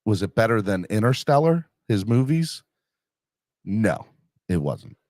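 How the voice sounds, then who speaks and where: Man, low voice, dry close sound, casual rambling podcast host, lots of fillers. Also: very animated, unhurried, a little mellow, dry recording. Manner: rambling, self-deprecating, many fillers and restarts. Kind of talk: casual chat reading live comments.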